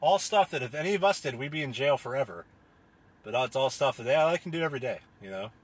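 A man's voice: mid-range voice, animated, quick pace, breathy edge. A man delivering an angry, profane rant, hammering his points with blunt repetition. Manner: angry, heavy swearing, repetitive emphatic phrasing. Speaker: podcast host. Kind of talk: profane ranting monologue.

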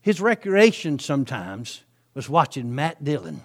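A man's voice: mid-range voice, very animated, measured pace. A male preacher, telling a story in his sermon in a folksy, chatty way with frequent asides.

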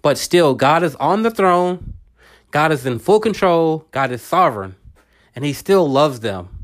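A man's voice: on the high side, lively intonation, a little slow. A middle-aged man hosting a podcast, giving an earnest, repetitive, preacherly motivational monologue. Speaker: podcast host.

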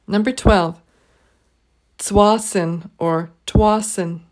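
A woman leading a pronunciation drill, saying each word twice, clearly and slowly. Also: medium pitch, fairly even intonation. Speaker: pronunciation teacher. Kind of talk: slow, deliberate pronunciation drill.

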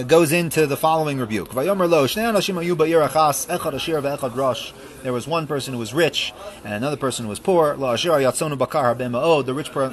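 A man teaching a Torah lesson, reading verses aloud and explaining them with fervent emphasis that falls back to quiet reflection. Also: fairly high pitch. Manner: reads verses aloud, then translates and explains. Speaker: rabbi teaching a class.

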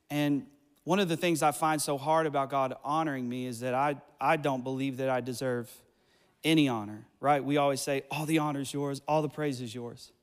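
A man's voice: medium pitch, clean tone, in a large hall. A man preaching as pastor, passionate, with rising emphasis and repeated phrases, speaking in a church sanctuary. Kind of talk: sermon.

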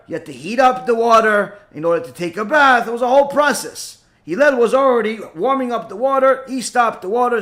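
Guy with a high voice telling a story for a lesson, gets animated, acts out the parts. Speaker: Torah teacher.

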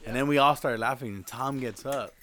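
A man co-hosting a podcast in casual chat, telling a story with a lively voice and acting out the people in it. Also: medium pitch, fairly quick, a little hiss or hum. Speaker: podcast co-host.

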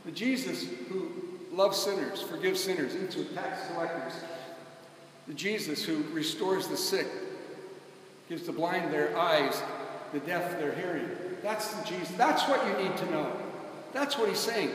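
A man's voice: sits high, animated, a little slow, long pauses, a bit bright, a little hiss or hum. A man preaching a sermon in a conversational, emphatic way, calling on the congregation to answer him. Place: church. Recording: echoey church hall, mic at a distance.

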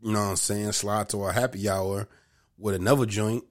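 A man co-hosting a podcast in casual, profane chat, speaking with a slight lisp. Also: lowish voice. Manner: profane, animated, quick to joke. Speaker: podcast co-host.

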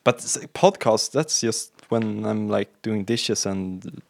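A man's voice: fairly low pitch, slow, creaky, no echo. Hesitant playful man, dry close sound. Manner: playful, hesitant, laughs often. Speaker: podcast co-host. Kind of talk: casual chat.

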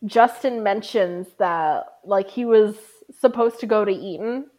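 A woman's voice: mid-range voice, unhurried, darkish tone. A woman co-hosting a podcast in a casual book discussion, quoting passages and chiming in with her own comments. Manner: chatty, quotes the book and cuts in with comments. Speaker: podcast co-host.

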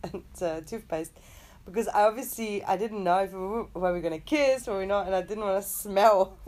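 A woman's voice: medium pitch, moderate pace, a little mellow. A young woman from Germany, telling a story in casual chat with her partner, laughing often. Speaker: co-host.

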